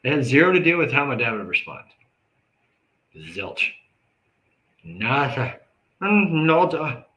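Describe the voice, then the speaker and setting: A man hosting a live talk show, speaking earnestly and conversationally about grief and forgiveness, with sudden loud outbursts and quick asides. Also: mid-range voice, very animated, low-quality recording.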